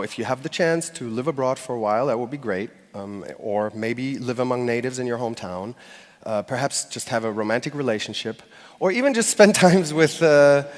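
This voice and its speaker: A man at a mid-range pitch gives a live talk from a stage in a large hall, and his voice rings with long reverb. He speaks conversationally, stumbling through fillers and restarts, and acts out short quoted phrases with light laughs. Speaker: conference speaker.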